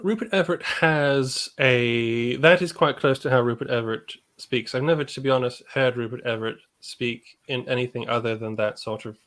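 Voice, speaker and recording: A man's voice: mid-range voice, moderate pace, hardly any pauses, a bit bright. A man, a guest historian on a livestream, thinking aloud with restarts and small laughs. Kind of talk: livestream reaction discussion.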